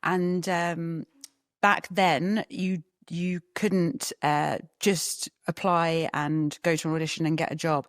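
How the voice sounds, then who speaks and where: A woman guest chatting casually in an interview, an animated storyteller who laughs often. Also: on the low side, slow, dry recording, clean studio sound. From England.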